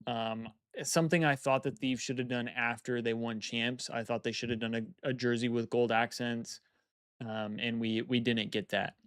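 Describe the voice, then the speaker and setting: A man's voice: medium pitch, flat delivery, moderate pace, a bit bright, clean tone, no echo, studio quality. A young man chatting casually on a live stream, thinking aloud and repeating phrases as he weighs his choices.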